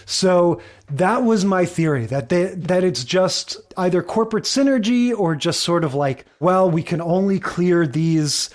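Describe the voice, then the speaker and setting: A man's voice: sits high, expressive, measured pace. A man co-hosting a podcast in casual chat, musing and rambling with many asides. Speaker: podcast co-host.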